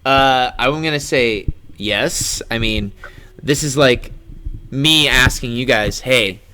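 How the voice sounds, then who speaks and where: A man narrating as game master of a tabletop game, relaxed and descriptive. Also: mid-range voice, takes it slowly, clear, resonant tone. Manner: relaxed, descriptive, filler-heavy.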